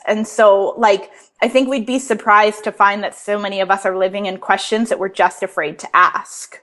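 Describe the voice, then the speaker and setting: A young adult woman guesting on a podcast speaks at a moderate pace in a mid-range, fairly bright voice with fairly even intonation. Her casual conversation is heartfelt and earnest, filled throughout with "like."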